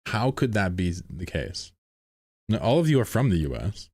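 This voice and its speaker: A man's voice: on the low side, sing-song, normal speed, a little mellow, dry recording, studio quality. A man streaming a game, chatting casually with his viewers in a sarcastic, mock-indignant ranting manner. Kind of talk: casual livestream banter with chat.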